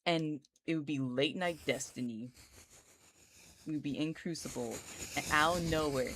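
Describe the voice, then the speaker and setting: A woman's voice: low voice, a little slow, a bit bright, a little hiss or hum. A woman, chatting casually and giggling as she draws on a live art stream. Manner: giggly, rambling, slangy. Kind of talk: casual chat while drawing live.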